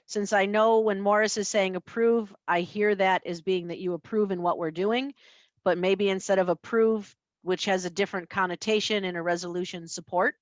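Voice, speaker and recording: A woman, the library's chief executive, giving her report at a board meeting and explaining her decisions in a measured way with a few fillers. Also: mid-range voice, steady tone, no echo, lo-fi sound. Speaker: library CEO.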